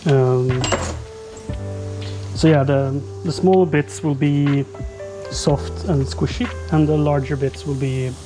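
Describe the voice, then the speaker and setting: A man's voice: mid-range voice, fairly even intonation, slow pace, long pauses. Man streaming from his kitchen, joking chatter to viewers, music playing behind. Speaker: livestreamer. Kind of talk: casual live-stream chat while cooking. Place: home kitchen, cooking.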